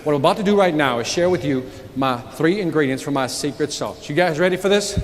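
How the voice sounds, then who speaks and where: A man with a voice on the high side delivers a motivational sales keynote, talking fast and expressively as he jokes and quizzes the crowd with plenty of energy. The reverberant recording comes from a large conference hall, with audience laughter and murmur in the background.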